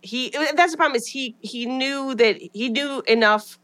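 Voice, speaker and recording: A woman's voice: high voice, moderate pace, a bit bright. A woman co-hosting a podcast, casually retelling a movie plot and acting out the characters' lines, with lots of "like". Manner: chatty retelling with quoted voices, many "like" fillers. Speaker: podcast co-host. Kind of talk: casual movie recap chat.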